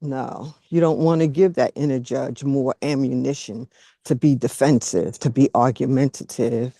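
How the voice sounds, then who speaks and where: A woman leading a group video call, speaking gently and encouragingly. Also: very deep voice, steady tone, moderate pace, no echo, clean studio sound. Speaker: group facilitator.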